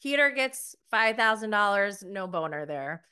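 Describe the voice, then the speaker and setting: A woman's voice: mid-range voice, expressive, unhurried, sharp tone, smooth. A young adult woman, casually recapping a reality show with gossipy asides and frequent laughter. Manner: gossipy, laughs often, mocking quotes. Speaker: podcast host reviewing a reality show.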